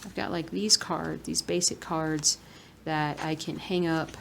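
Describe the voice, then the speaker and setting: Stitching as she talks, this thirty-something cross-stitch vlogger rambles softly through a laid-back stitch-along chat and occasionally drops to a murmur. She speaks a little slowly in a steady tone, with a low, gravelly voice. Faint room hiss runs beneath her.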